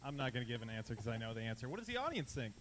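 A man appearing as a guest on a live comedy podcast, playful and quick to giggle. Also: mid-range voice, big pitch swings, background noise. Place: live stage before an audience.

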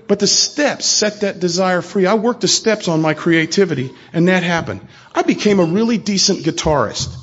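A man's voice: sits high, slightly rough, highs cut off. A man at a convention sharing his recovery story, speaking earnestly and directly to his audience. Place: convention hall talk.

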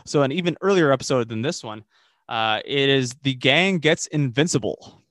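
A man's voice: medium pitch, lively intonation, normal speed, fairly bright tone, no echo, clean studio sound. A man co-hosting a casual podcast, easygoing and a bit hesitant, with many fillers and restarts. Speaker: podcast co-host.

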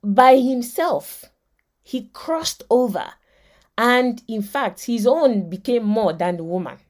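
A woman with a Nigerian accent hosting a motivational podcast, telling lively stories, acting out the people in them, and quoting scripture like a preacher. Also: mid-range voice. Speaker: podcast host.

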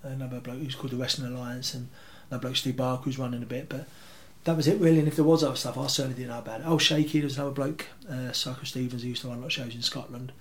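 A man, telling rambling, animated anecdotes as an interview guest. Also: mid-range voice, rapid-fire, hardly any pauses. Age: 30s. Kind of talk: casual interview storytelling.

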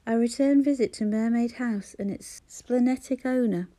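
A woman narrating an audiobook in a measured, expressive way. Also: fairly high pitch. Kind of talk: scripted narration.

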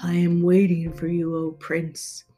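Woman doing a storybook dragon, low voice, boastful, menacing, faint guitar behind. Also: monotone, measured pace, mellow, natural voice. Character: huge horrible male lake dragon, boastful.

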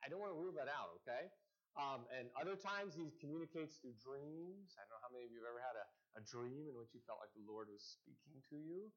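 A campus ministry teacher from the American Northwest gives a casual, conversational teaching talk to a group, speaking fast in a medium-pitched voice. He restarts sentences often and leans on fillers, and the sound quality is lo-fi.

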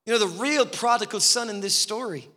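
A man's voice: high-pitched, brisk, sharp tone. A man preaching a passionate sermon as a guest speaker in a church, driving his points home with repeated rhetorical questions. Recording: long reverb in a hall.

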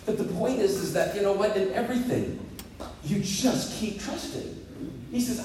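Fifty-something pastor, echoey church. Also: male voice, normal speed, slight background noise. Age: 50s. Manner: lively, self-deprecating storytelling with swooping pitch. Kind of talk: sermon. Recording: echoey hall picked up from a distance.

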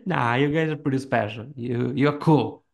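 A man's voice: medium pitch, normal speed, gravelly. A man co-hosting a podcast, chatting casually and rambling with lots of fillers and frequent laughter. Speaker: podcast co-host.

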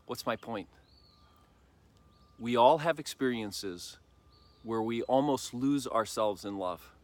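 An older man, a pastor, preaching a sermon in an earnest, reflective way with pauses and emphatic rises, with faint noise behind him. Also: mid-range voice, a little mellow.

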